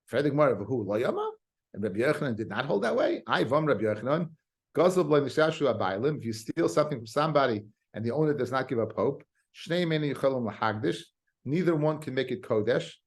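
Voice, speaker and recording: A man's voice: mid-range voice, gravelly. A rabbi teaching a daily Talmud class, reading Aramaic phrases and explaining them in casual English, often restarting his sentences. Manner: explains in a quick mix of Hebrew-Aramaic terms and English, with restarts.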